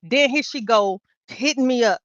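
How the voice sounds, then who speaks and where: A woman guest on a podcast, telling a personal story in casual talk, swearing freely and swinging from loud outbursts to quiet asides. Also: on the high side, moderate pace, no room sound, highs cut off. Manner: profane, animated, swings loud then quiet.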